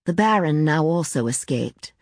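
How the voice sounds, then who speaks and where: A woman narrating a literary novel in a measured, unhurried reading. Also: sits low, animated, a little mellow, no room sound, clean studio sound. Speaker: audiobook narrator.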